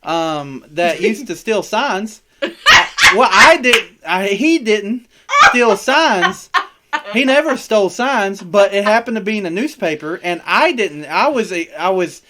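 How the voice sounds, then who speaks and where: A man's voice: high-pitched, expressive, unhurried, bright, forceful tone, a little hiss or hum. Rambling, swearing man telling stories. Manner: rambling storyteller, stumbles over words, swears a lot. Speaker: podcast co-host. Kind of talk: casual chat.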